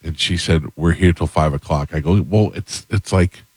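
A middle-aged man hosting a radio show, telling a story in a relaxed, deadpan way and acting out both sides of his phone calls. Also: low voice, moderate pace, husky. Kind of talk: casual on-air chat and storytelling.

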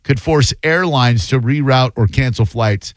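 Joking radio host, dry studio sound. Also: male voice, mid-range voice, unhurried, no room sound. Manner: joking, sarcastic, riffing. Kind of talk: casual comedic radio chat.

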